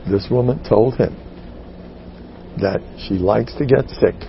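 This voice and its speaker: A man, a rabbi and teacher, giving a humorous inspirational talk to a group, animated and jumping into character voices. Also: fairly low pitch, measured pace, gravelly, lo-fi sound, slight background noise.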